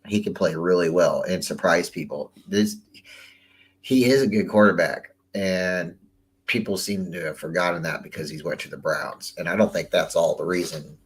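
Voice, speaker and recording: Man, lowish voice, casual football picks host, rambling and chatty. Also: moderate pace, husky, rough recording. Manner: loose and chatty, repeats words, trails off. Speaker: sports talk host. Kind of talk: casual sports commentary.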